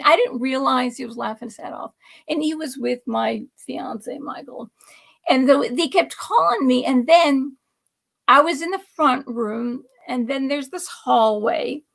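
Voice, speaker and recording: A woman on a video call telling a long family story in a chatty, animated way, laughing at her own jokes. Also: sits high, gravelly. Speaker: livestream guest. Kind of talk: casual storytelling.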